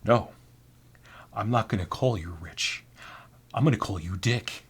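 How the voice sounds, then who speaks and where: A man's voice: a little slow, slightly rough, heavily acted. A man putting on a manic, taunting coworker who screams. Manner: taunting, erupts into high screams. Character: manic, crude male stock-room coworker.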